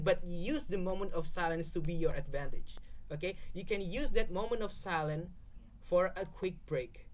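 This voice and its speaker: Indonesian-accented young man explaining. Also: a little high. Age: young adult. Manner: explanatory, keeps checking in with "okay?". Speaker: podcast guest speaker. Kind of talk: casual explanatory podcast talk.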